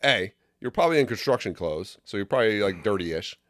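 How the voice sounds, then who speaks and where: A man's voice: lowish voice, lively intonation, fairly quick, fairly bright tone, no room sound, clean studio sound. A man co-hosting a podcast, teasing his friend insistently with plenty of swearing. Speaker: podcast co-host. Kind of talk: crude joking banter.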